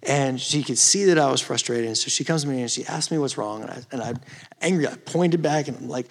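A man preaching a youth ministry sermon, rising from quiet storytelling to impassioned, emphatic exhortation. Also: medium pitch, a little fast, vocal fry. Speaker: youth pastor. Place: church or youth hall.

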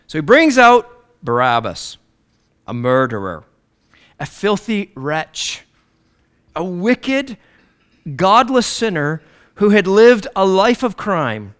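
Dramatic high-pitched male preacher. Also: very animated, slow pace, long pauses, smooth. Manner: dramatic, swinging from loud declarations to low hushed lines. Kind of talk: sermon.

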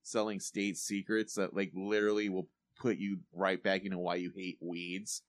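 A man in a loose podcast chat about movies. His voice is on the low side, and he rambles with plenty of fillers. He swears casually. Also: flat delivery, moderate pace. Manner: rambling, filler-heavy, profane.

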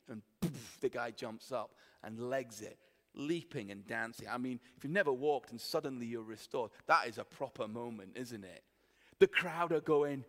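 A man preaching a sermon, telling the story in a lively, colloquial way and acting out the voices of the people in it. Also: mid-range voice, normal speed. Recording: long reverb of a hall.

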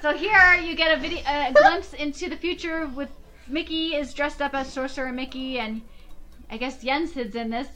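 A woman co-hosting a podcast in casual chat, animated and laughing often as she walks through her notes. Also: high voice, normal speed. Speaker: podcast co-host.

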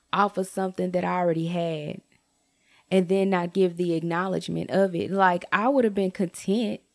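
A young adult woman telling a casual storytime rant to her viewers, blunt and profane, with jumps to high exclamations. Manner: animated, swings to high exclaims. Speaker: vlogger.

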